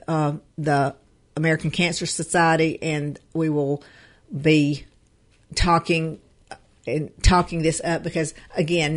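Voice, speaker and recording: Earnest woman co-host. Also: sits low. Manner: earnest, with many fillers and restarts. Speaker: show co-host. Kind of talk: casual live show talk.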